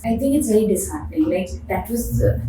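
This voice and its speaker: A woman's voice: medium pitch, lively intonation, fast. A woman with an Indian English accent, a furniture designer answering interview questions in an emphatic, passionate way, often repeating words. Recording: roomy, distant mic with faint noise.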